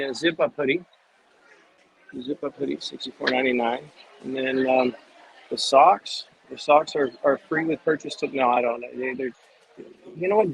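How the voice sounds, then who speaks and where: A man's voice: fairly high pitch, a bit bright, a little hiss or hum, poor audio. A man hosting a casual walking livestream, chatty and rambling, from a shop in a theme park. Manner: rambling, chatty, quick asides. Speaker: livestream host.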